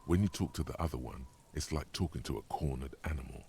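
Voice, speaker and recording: A man's voice: a bass voice, quick pace, creaky, mellow, a little hiss or hum. An actor voicing a grave, ominous male inner voice that guides a detective through a video game. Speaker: game narrator.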